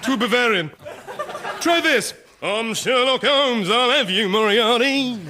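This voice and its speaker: A man's voice: high-pitched, animated, normal speed, bright, forceful tone, slight background noise. An actor playing a seedy, lazy middle-aged male detective with a sly drawl in a radio comedy sketch.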